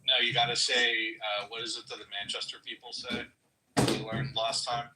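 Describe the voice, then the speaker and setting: A man's voice: medium pitch, flat delivery, moderate pace, sharp tone, slight background noise, poor audio. A man in casual podcast chat, making dry, teasing remarks.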